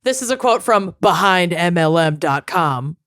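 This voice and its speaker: A woman's voice: on the low side, animated, normal speed, fairly bright tone, no room sound, clean studio sound. A young woman co-hosting a podcast, casually telling a true crime story and often breaking into giggles. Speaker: podcast co-host.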